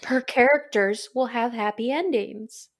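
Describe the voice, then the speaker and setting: A woman's voice: on the high side, a little slow. A woman hosting a casual podcast chat, playful, reading out quiz questions. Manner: chatty, playful, laughs often. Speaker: podcast host.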